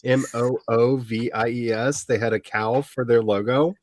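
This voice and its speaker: A man in his forties hosting a casual chat, telling animated stories, laughing often and acting out quotes. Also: medium pitch, measured pace, no room sound. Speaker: host.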